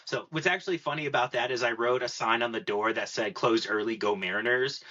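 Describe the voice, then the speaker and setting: A man's voice: mid-range voice, fairly quick, sharp tone, muffled recording. A young man hosting a podcast, chatting in an easygoing way and laughing along with his co-hosts. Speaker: podcast host. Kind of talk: casual chat.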